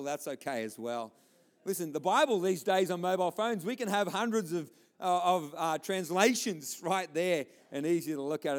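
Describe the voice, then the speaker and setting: A man with an Australian accent preaching a sermon in church, conversational with many "listen" asides, building to loud, emphatic passion. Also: fairly high pitch. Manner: frequent restarts and "listen" asides. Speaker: pastor. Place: church auditorium during a service.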